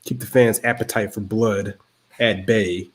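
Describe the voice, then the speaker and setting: A man with a fairly low voice, hosting a relaxed post-game chat about his team's losses. His manner is dry and blunt, full of deadpan jokes. He talks casually, with plenty of "like" and filler. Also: unhurried, husky. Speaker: podcast co-host.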